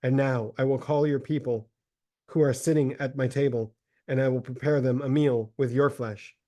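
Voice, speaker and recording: A man voicing a starving, grief-mad mother in a solemn, measured dramatic reading of a religious text. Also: mid-range voice, steady tone, dark tone, lightly acted. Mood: grieving.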